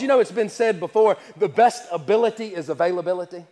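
A man's voice: high-pitched, lively intonation, fairly quick, hardly any pauses, a little mellow. A man preaching a sermon in a church, with rhythmic phrasing, repeating key lines and reading scripture aloud. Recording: long echo of a church hall.

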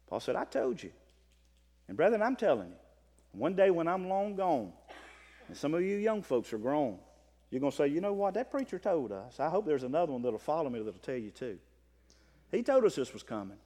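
A man preaching a sermon as pastor, swinging from impassioned near-shouting to calm scripture reading. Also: a little high. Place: church. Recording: long reverb of a church hall.

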